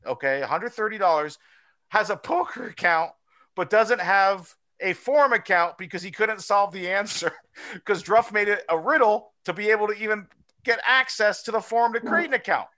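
A man with a high, bright voice hosts a loose podcast conversation. He talks in an animated, rambling way, swearing freely as he argues his point. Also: moderate pace. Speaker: podcast host. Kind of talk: casual chat.

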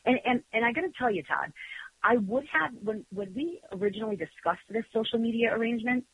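A woman talking defensively and emphatically, with animated retellings of what others said. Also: a little high, brisk, breathy edge, narrow, tinny audio. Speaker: guest defending herself. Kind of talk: heated phone-in conversation.

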